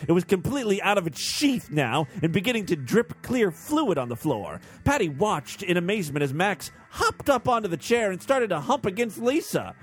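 A man's voice: high-pitched, big pitch swings, normal speed, hardly any pauses, soft background music. A man hosting a comedy reading, narrating a story with sarcastic asides. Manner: sarcastic, laughing at the text. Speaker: host reading stories.

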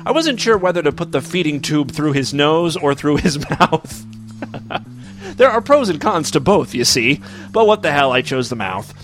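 A man's voice: on the high side, fairly bright tone. A man doing a mock-dramatic comic reading of a story, with wry asides and tongue-in-cheek delivery. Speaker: comic reader of an erotic story.

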